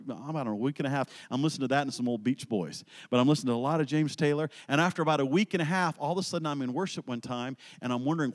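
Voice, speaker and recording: A man's voice: fairly high pitch, long reverb tail. A man preaching an earnest, emphatic sermon, weaving in personal stories.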